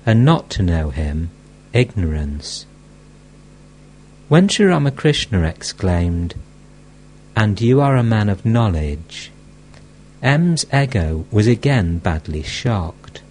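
A man narrating a spiritual book in a measured, expressive way. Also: lowish voice, a little hiss or hum. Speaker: audiobook narrator. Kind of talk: scripted narration.

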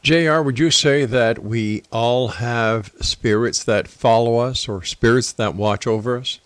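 A man hosting a talk show interview, measured as he lays out his theories at length. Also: medium pitch, smooth, dry recording.

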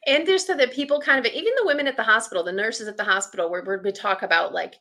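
A woman's voice: fairly high pitch, racing, sharp tone. A woman on a podcast as a guest, telling a candid personal story in a chatty way, with lots of "like" and acted-out past thoughts. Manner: chatty, heavy use of "like", acts out past thoughts.

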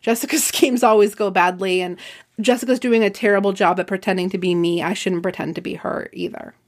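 A woman's voice: medium pitch, fairly even intonation, a little fast. A woman hosting a casual book discussion, chatting and reading passages aloud. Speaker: podcast host.

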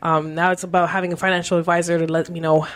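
A woman from Canada, a guest author and property manager, talking candidly on a panel with slang and animated storytelling. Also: lowish voice, fast talker. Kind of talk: casual panel chat.

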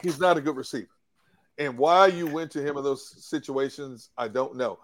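A man's voice: mid-range voice, moderate pace, no echo. A man breaking down a football loss on a post-game show, emphatic and opinionated. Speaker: sports analyst.

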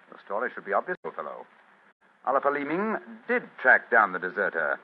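An actor playing a cool, precise master detective, quietly superior, in 1940s radio acting style. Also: male voice, on the low side, huge pitch swings, a little fast. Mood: coolly accusing. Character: sharp, cool-headed male master detective. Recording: dull lo-fi 1940s radio recording.

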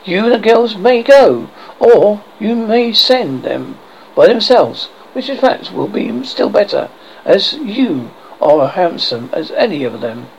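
Brief: reader playing a wry, unbothered husband; gravelly, lively delivery. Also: medium pitch, measured pace, slight background noise, voice pushed up, poor audio. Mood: dry. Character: dry, teasing middle-aged husband. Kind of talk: audiobook character reading.

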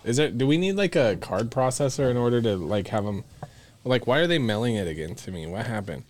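A man's voice: mid-range voice, expressive, brisk. A man hosting a podcast, chatting casually and joking with his co-hosts, swearing freely. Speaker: podcast host. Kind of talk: casual chat.

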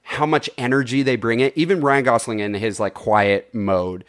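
Man, casual film podcast host, rambling, loose filler words, mid-pitched voice. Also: steady tone, moderate pace. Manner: rambling, lots of "like", swears freely. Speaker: podcast co-host reviewing films. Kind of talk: casual chat.

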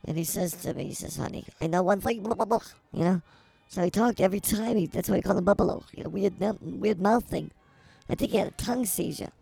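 Someone doing a brash, husky older broad. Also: mid-range voice, fast talker, no echo. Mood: gushing. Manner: rambling, theatrical, swings to shouting. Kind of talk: improvised comedy podcast.

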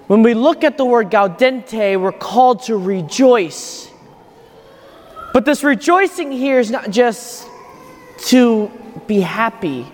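Priest giving a homily in an echoey church. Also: male voice, very high voice, lively intonation, takes it slowly. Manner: conversational storytelling, thinking aloud. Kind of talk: homily at Mass.

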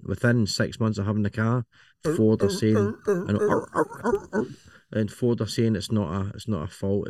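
A man's voice: on the low side, darkish tone, no room sound, studio quality. A man with a Scottish accent, co-hosting a casual podcast chat and rambling, often repeating words as he thinks. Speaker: podcast co-host.

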